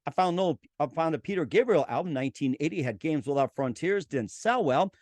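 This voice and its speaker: A man's voice: on the high side, animated, a little fast, a little mellow, no room sound. A man hosting a casual interview who rambles and uses lots of fillers. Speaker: host.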